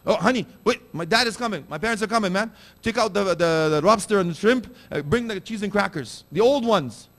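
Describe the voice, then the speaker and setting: A man's voice: high-pitched, expressive, a little fast, hardly any pauses, a bit bright, voice pushed up. A man preaching who mockingly imitates a selfish grown son hiding the good food from his parents. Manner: mocking, breezy, exaggerated.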